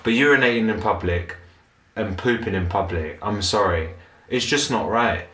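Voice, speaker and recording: Man, low register, sweary mocking comic rant, roomy echo. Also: moderate pace, fairly bright tone. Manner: sweary, mocking, puts on brief voices of tourists. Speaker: comedic commentator. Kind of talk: comedic rant to camera.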